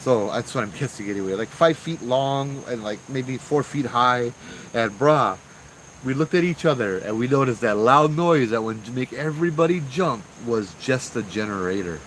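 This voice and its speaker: A man, a storytelling host chatting casually and relaxed with his viewers as he tells ghost stories. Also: mid-range voice, normal speed, slight background noise, poor audio. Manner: chatty, relaxed, talks to chat. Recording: outdoor ambience with crickets and insects.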